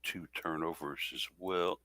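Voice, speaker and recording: A man co-hosting a casual sports podcast, talking in a halting way with many fillers and self-corrections. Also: low voice, steady tone, sharp tone. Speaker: podcast co-host.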